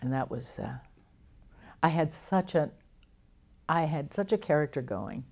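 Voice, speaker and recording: An older actress telling lively stories in an interview, with frequent laughs and restarts. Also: female voice, low-pitched, a little slow, gravelly. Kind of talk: storytelling interview.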